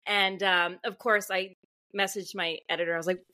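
Woman on a podcast telling a story, lots of likes and ums, animated. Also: on the low side, moderate pace. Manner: chatty, animated, lots of fillers. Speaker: guest author. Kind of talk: casual podcast interview storytelling.

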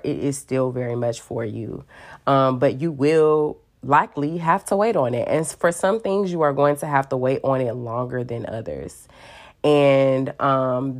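A woman giving a casual, playful Bible talk full of fillers and asides. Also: rumbling low. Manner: chatty and playful, many fillers, acts out voices. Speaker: Bible teacher. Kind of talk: casual devotional teaching.

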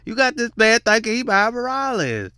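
A man giving casual reaction commentary to viewers, animated and often laughing. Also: very high voice, a little fast, no echo, studio quality.

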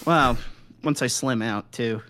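A man's voice: mid-range voice, a little slow, fairly bright tone. A man co-hosting a podcast in casual chat, telling long rambling stories full of swearing and "like". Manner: rambling, profane storytelling with frequent "like" and laughs. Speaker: podcast co-host.

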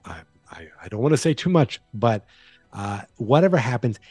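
Mellow-voiced man rambling through a recap. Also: medium pitch, big pitch swings, normal speed, husky, dry recording, soft background music. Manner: rambling, chatty, frequent fillers and restarts. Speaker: podcast host. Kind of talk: casual horror movie recap.

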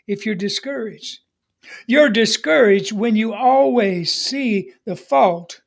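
Very high-voiced male preacher. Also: gravelly. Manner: emphatic preaching with repeated refrains and call-and-response. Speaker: pastor. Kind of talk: sermon.

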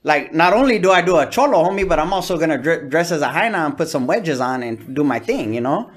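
A man's voice: a little high, lively intonation, fast. A man from California, a comedian telling stories in a casual interview, full of slang and swearing. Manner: slangy, profane, laid-back storytelling. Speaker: comedian guest.

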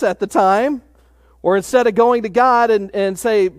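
A man preaching a sermon in a measured way, dropping to a hush for emphasis. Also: high voice, no echo, clean studio sound. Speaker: pastor.

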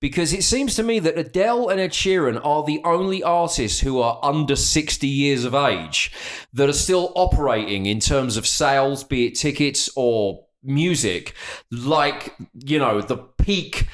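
A British man co-hosting a casual podcast, talking quickly and opinionatedly with many restarts. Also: fairly high pitch, lively intonation. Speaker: podcast co-host. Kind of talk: casual chat.

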